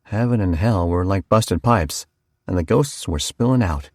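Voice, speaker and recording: Male audiobook narrator, deep, dry, folksy storyteller. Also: a little slow, a little mellow, dry recording. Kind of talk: first-person audiobook narration.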